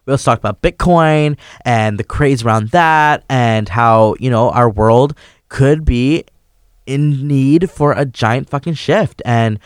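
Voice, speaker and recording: A man's voice: medium pitch, measured pace, clean tone, dry recording. Foul-mouthed male podcast host, dry sound. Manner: profane, swears constantly. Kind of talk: casual podcast chat. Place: small stuffy studio.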